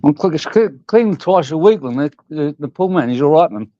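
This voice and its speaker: A man's voice: on the high side, lively intonation, a little fast, warm tone, no room sound. A man bantering casually on a livestream, swearing and laughing at himself. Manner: swearing, laughing, self-mocking. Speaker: guest on a livestream. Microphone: video call. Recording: dull lo-fi video call.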